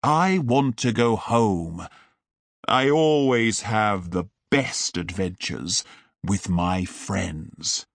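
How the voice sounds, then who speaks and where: A calm male sabre-tooth cat who speaks in a steady, level way, as a man plays him. The delivery is slow and unhurried. It is recorded close and dry for a storybook reading. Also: lowish voice, no room sound, pitched below the performer's own voice, full character voice.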